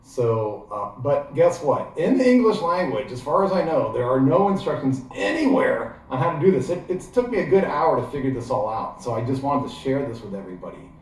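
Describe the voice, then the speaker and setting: A man's voice: medium pitch, lively intonation, a little fast, few pauses. A man with a Midwestern American accent from Ohio, giving a chatty, digressive how-to demonstration full of fillers. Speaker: gear how-to vlogger. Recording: very echoey room, voice far from mic.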